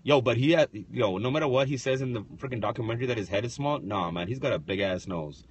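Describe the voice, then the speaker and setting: A man's voice: mid-range voice, fast talker, muffled recording, a little hiss or hum. A man co-hosting a casual podcast chat, telling stories in slang with lots of swearing and quoting people. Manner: slangy, profane storytelling, quotes others. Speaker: podcast co-host.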